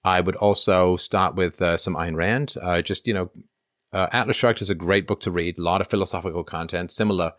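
Man with a low voice, casual livestream host, reads viewer comments aloud, lots of ums and uhs, dry close sound. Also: steady tone, fairly quick, fairly bright tone, no room sound. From Canada. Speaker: show host answering viewer questions. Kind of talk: casual livestream chat reading super chats.

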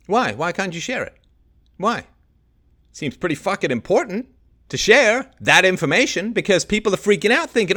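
A man's voice: high-pitched, very animated, normal speed, pushed and bright. A middle-aged man hosting a solo livestream, reading news aloud and picking at it with sarcastic, exasperated rhetorical questions. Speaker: livestream host.

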